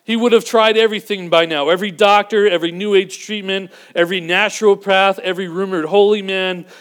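A man preaching a sermon, earnest and building to emphatic peaks before dropping to a low, quiet delivery. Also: fairly even intonation, a little fast, smooth. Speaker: pastor.

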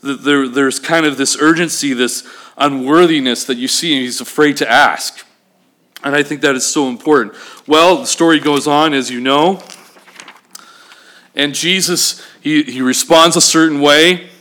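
Pastor guy preaching, kinda high voice, acts out the story as he goes. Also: normal speed. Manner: animated, acts out scenes, asks the congregation questions. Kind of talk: sermon.

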